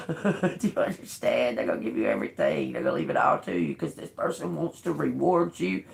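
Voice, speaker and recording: A woman's voice: a bass voice, wildly swooping pitch, brisk, creaky. A woman giving a live-streamed tarot reading, emotional and blunt, swearing freely. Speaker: tarot reader.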